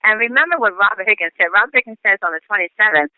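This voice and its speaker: A man's voice: high voice, very fast, smooth, dry recording. A man hosting a conference call in an encouraging, sermon-like manner. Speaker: call host. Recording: phone line.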